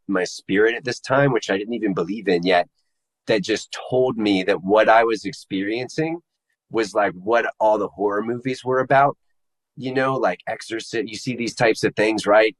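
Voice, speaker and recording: A man with a fairly low voice recounts a personal experience to an interviewer. His delivery is conversational and halting, and he pauses and restarts as he searches for the right words. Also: rough recording. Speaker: interview guest. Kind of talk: personal testimony in casual conversation.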